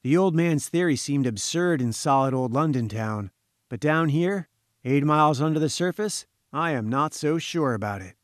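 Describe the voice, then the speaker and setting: Man narrating a story in a measured voice. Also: fairly high pitch, expressive, dry recording, studio quality. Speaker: audiobook reader. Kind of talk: scripted first-person story narration.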